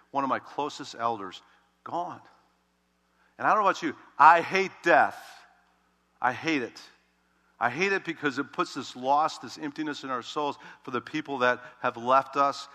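A male pastor preaching a sermon, telling the story with animated emphasis that swings between loud, urgent lines and hushed, quiet ones. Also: medium pitch. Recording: long reverb of a large hall.

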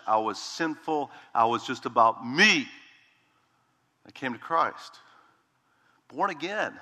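A middle-aged man preaching a sermon as a pastor, emphatic, slowing down and stretching key words for weight. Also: medium pitch, pushed and bright, big-room sound.

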